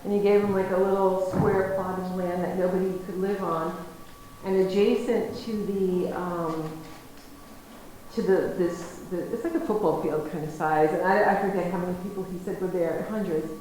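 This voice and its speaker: Lady giving a talk, super echoey hall sound, animated storyteller, laughs a lot. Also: on the low side, moderate pace. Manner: animated, acts out conversations, laughs easily. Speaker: lecturer. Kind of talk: storytelling lecture. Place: lecture room. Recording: very echoey room, faint noise.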